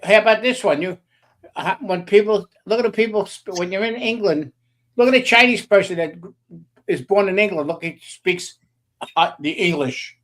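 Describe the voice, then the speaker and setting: A man from Naples co-hosting a casual talk stream, insistent and quick to argue his point. His voice sits high for a man. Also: fairly bright tone. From Naples, Italy. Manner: insistent, argumentative, laughing. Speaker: co-host. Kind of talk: casual talk show chat.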